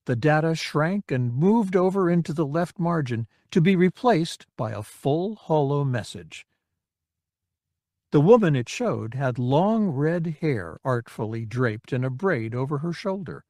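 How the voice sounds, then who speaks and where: A man narrating an audiobook in measured, expressive storytelling. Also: fairly high pitch, no room sound, clean studio sound. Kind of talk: scripted narration.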